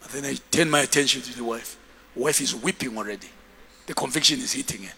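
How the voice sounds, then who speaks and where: A man preaching a lively sermon as bishop, shouting and laughing, having the congregation repeat after him. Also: mid-range voice, fast talker, creaky, breathy edge. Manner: animated, shouting, with bursts of laughter. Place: large church hall. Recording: long reverb of a church hall.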